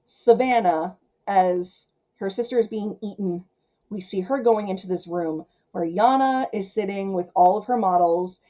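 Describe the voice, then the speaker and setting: A woman hosting a casual film recap, chatty and full of filler words, who acts out the characters' lines in quick paraphrase. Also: medium pitch, warm tone, poor audio. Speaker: film channel host.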